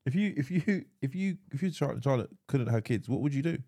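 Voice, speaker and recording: A man in his thirties co-hosting a casual podcast chat, animated, swearing freely and repeating himself. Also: mid-range voice, fairly quick. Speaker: podcast co-host.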